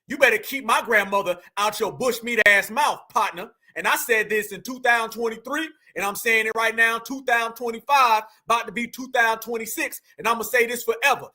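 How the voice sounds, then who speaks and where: A man's voice: extremely high pitch, brisk, hardly any pauses, sharp tone. A man from the United States giving a heated, profane commentary monologue full of slang and emphatic repetition. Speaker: commentary channel host.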